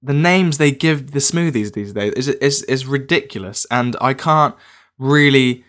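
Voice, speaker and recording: A man's voice: medium pitch, a little slow, a bit bright. A man, co-hosting a casual chat, hesitant and often repeating his words.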